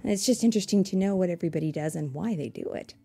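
A woman reading a picture book aloud to children, pausing to ask them questions and explain things. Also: fairly low pitch, creaky, breathy edge. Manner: asks listeners questions, warm explanatory asides.

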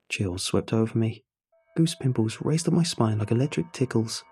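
Male horror narrator, dark husky voice, measured delivery, faint music behind. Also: mid-range voice. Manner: steady measured first-person telling.

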